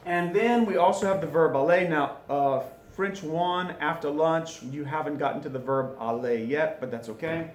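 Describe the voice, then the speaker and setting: A man teaching French in a classroom, chatty and informal, repeating phrases slowly for students to drill. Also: fairly high pitch, reverberant, a little hiss or hum. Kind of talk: recorded classroom lesson. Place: classroom with a board.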